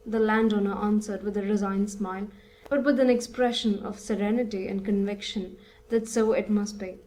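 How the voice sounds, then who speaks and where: Mellow-voiced woman narrating an audiobook. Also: medium pitch, steady tone, moderate pace, rough recording. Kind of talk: scripted narration of a classic novel.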